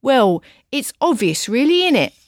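A woman's voice: high-pitched, big pitch swings, normal speed, dry recording, pitched above the performer's own voice. Brief: glum, kindly three-headed storybook monster, read by a woman, casual speech, dry close sound. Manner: heads take turns, casual, dropped-h talk.

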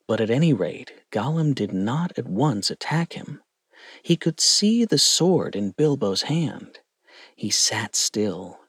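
A man reading a fantasy storybook aloud, expressive and lingering. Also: on the low side, breathy edge, dry recording, clean studio sound. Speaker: narrator.

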